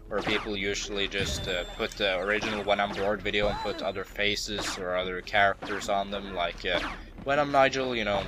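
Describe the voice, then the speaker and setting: A young man giving casual, rambling commentary as a let's play host, full of playful jokes and asides. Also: on the low side. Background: game music.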